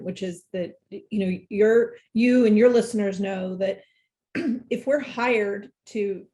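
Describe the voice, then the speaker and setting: A woman interview guest who gives clear, structured explanations of leadership ideas. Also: mid-range voice, darkish tone. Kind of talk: interview answers.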